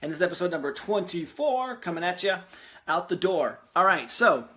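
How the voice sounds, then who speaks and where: A man's voice: high-pitched, animated, a little fast, bright, forceful tone. A young man chatting casually in a vlog about his real estate investing, rambling with lots of fillers and restarts. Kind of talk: casual screen-recorded vlog.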